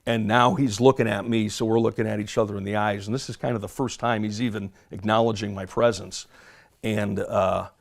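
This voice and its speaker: Gravelly man recounting an old scene. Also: fairly low pitch, steady tone, brisk. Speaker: former first responder. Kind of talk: archive interview testimony.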